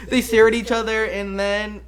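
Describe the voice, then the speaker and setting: A man's voice: high voice, level tone, a little slow, a bit bright. Giggly, rambling young guy reviewing. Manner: rambling and giggly, retells scenes in quoted voices; full of fillers and profanity. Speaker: movie reviewer. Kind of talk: casual late-night review chat.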